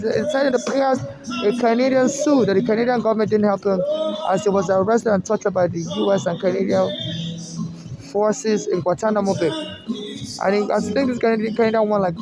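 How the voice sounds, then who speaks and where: Vlogger, male, high-pitched with a gravelly edge, music running underneath, rambling delivery. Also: rough recording. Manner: rambling, repeats "you know" often. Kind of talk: casual monologue to camera. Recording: music playing behind the voice.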